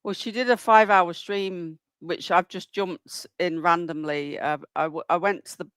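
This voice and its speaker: A man's voice: sits high, fairly even intonation, normal speed, fairly bright tone, clear, resonant tone, no room sound, clean studio sound. A man hosting a livestream, chatty, greeting viewers by name and explaining the clip he is showing. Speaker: livestream host. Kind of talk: casual livestream commentary.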